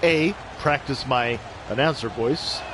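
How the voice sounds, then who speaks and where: A man's voice: mid-range voice, takes it slowly, background noise. A man hosting a gameplay video, chatting to viewers in a rambling way and doing mock play-by-play as he plays. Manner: rambling and chatty, talking to viewers while playing. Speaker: gaming video host. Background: faint game audio and music.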